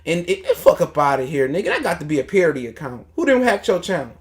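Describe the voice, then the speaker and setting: A man's voice: a little high, sing-song, fast talker. A man hosting a casual boxing livestream, ranting in a heated, profane, mocking way. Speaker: boxing talk show host.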